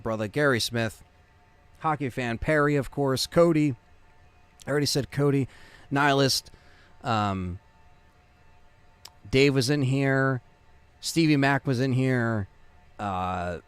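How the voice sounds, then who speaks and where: A man's voice: medium pitch, clear, resonant tone, no echo. A man hosting a gaming livestream, rambling through thanks to viewers and plans for the next streams, with the hiccups and lots of fillers. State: has the hiccups. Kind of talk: casual stream sign-off chat.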